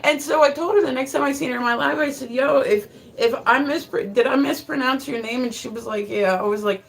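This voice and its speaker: A woman's voice: high-pitched, fairly quick, creaky, few pauses, rough recording. A woman livestreamer talks loosely and casually with her chat. She swears freely and laughs often as she tells her stories, breaking off to read viewer comments aloud. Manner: profane, rambling storyteller; laughs often mid-sentence.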